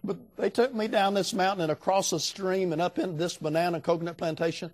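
A man's voice: high voice, fairly even intonation, brisk. Folksy preacher, older man. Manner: folksy, conversational, acts out quoted voices. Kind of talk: sermon with storytelling.

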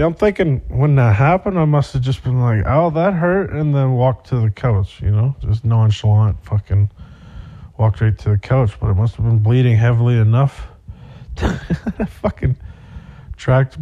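A man's voice: medium pitch, highs cut off. A young man hosting a podcast, telling a rambling, profane personal story with many fillers. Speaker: podcast host. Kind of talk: casual storytelling monologue.

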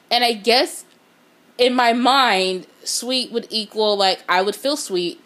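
A woman's voice: fairly high pitch, a little slow, a bit bright. A woman giving a blunt, profane motivational talk, speaking straight to her viewers. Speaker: motivational vlogger.

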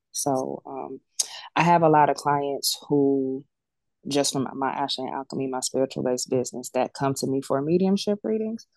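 A woman's voice: rumbling low, warm tone, no echo. A woman working as a death doula and medium, speaking candidly and colloquially as a podcast guest, acting out the voices in her stories. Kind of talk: casual heartfelt interview talk.

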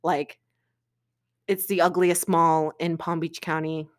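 A woman's voice: sits low, little pitch movement, takes it slowly. A young woman from Florida, co-hosting a podcast, telling a breakup story in casual chat with lots of filler words and swearing. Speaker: podcast co-host.

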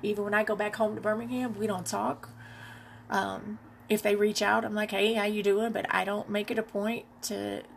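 Gravelly-voiced woman telling her story. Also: mid-range voice, slight background noise. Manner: candid, reflective, unhurried with pauses. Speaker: podcast host. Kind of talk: personal storytelling monologue.

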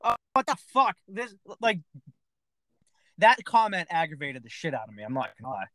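High-voiced ranting sports co-host. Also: male voice, moderate pace, no echo, rough recording. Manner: ranting, profane, animated. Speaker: podcast co-host. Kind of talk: casual sports chat.

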